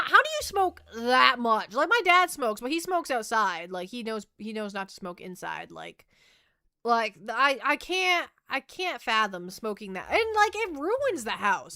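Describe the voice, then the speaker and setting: A woman streaming as a VTuber, chatting casually in a rambling, animated way and reacting to her chat. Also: on the high side, a little slow, no echo, clean studio sound, faint music behind. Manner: rambling, animated storytelling, reads chat aloud.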